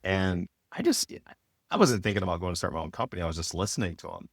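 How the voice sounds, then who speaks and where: Deep-voiced man telling his story, fillers. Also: lively intonation, fast, creaky, dry recording, studio quality. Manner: loose, rambling, many fillers and restarts. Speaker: podcast guest, apparel company founder. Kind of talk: casual interview storytelling.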